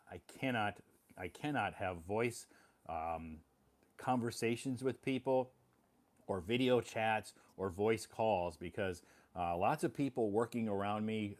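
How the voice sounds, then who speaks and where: A man's voice: fairly low pitch, a little slow. A man explaining things to English learners in a casual spoken monologue, plain and repetitive, often apologizing.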